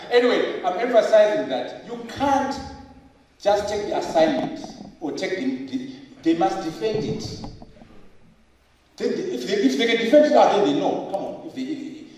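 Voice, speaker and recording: A middle-aged man giving a lively speech at a book launch, firing rhetorical questions, joking and hammering points through repetition. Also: sits high, measured pace, a little hiss or hum. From Zimbabwe. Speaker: professor and author at a book launch. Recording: echoey hall, voice from far off.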